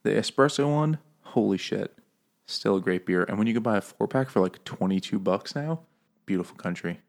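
A fairly low-voiced man in his thirties co-hosts a casual chat over beers. He rambles, restarts, and laughs often at his own jokes. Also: animated, moderate pace, gravelly. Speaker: podcast co-host.

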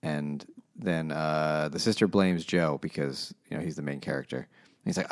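Super deep guy, dead dry mic, rambly deadpan book recap. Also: moderate pace, no room sound. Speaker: podcast co-host. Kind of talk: casual chat recapping a book.

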